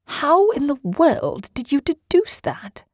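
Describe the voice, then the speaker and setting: A woman voicing an eager, astonished Victorian gentleman. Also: fairly high pitch, very animated, normal speed, no echo. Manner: exclaiming, wide-eyed and earnest.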